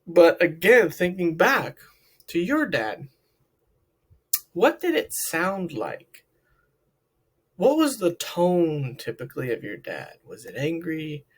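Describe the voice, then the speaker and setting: A man's voice: on the high side, big pitch swings, slow pace, long pauses, breathy edge. A man working as a therapist, giving a reflective talk to camera, asking many questions and often repeating words. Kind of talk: talk to camera about emotional health.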